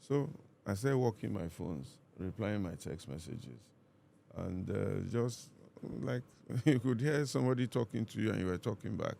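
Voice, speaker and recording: Deep gravelly Nigerian pastor. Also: male voice, a little hiss or hum. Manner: calm, measured, reenacts dialogue. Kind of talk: reflective storytelling in conversation.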